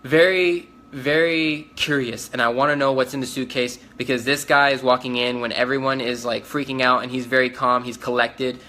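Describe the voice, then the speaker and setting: A man's voice: medium pitch, flat delivery, normal speed, hardly any pauses, bright, forceful tone. A man giving first-person eyewitness testimony, telling it urgently and insistently, acting out the lines of the people he met. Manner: urgent, insistent storytelling with quoted dialogue and restarts. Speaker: eyewitness recounting an event.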